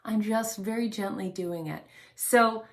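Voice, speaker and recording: A woman vocal coach teaching an online singing lesson, explaining calmly and demonstrating quiet breaths. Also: medium pitch, measured pace. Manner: gently instructive, demonstrates breaths.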